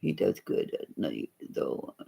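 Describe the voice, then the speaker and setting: A woman's voice: slow, mellow. A middle-aged woman, chatting casually and rambling as she hosts a live stream for viewers, laughing often along the way. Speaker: livestream host.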